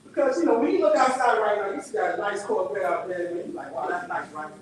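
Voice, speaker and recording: A man with a high voice tells a story from the pulpit in an easy, conversational way, checking in with his listeners often. He is heard from a distance in a very echoey church sanctuary. A faint hiss sits under the recording. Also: fast. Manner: conversational, asks the audience "right?" often. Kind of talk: sermon-style storytelling.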